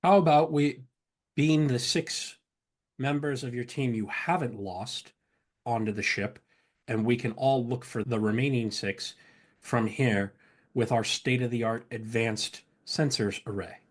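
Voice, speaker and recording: A man's voice: medium pitch, steady tone, measured pace. A man playing in a tabletop game, speaking in character in a polite, firm way with dry humor. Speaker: player.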